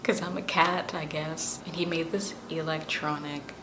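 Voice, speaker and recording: Young woman vlog host, low voice, dry humor, echoey noisy room. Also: normal speed. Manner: wry, deadpan humor with playful asides. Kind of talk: casual storytelling to camera. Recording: echoey room with background noise.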